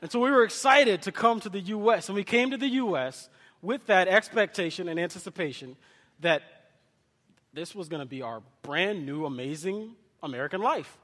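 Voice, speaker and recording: A man with a high voice preaches in a big hall, and his words ring out with a long reverb. He was born in Kenya but grew up in the US and speaks with no accent. He moves from fervent exhortation into plain personal stories. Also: animated, moderate pace, fairly bright tone. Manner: impassioned preaching with storytelling asides. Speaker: pastor. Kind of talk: sermon.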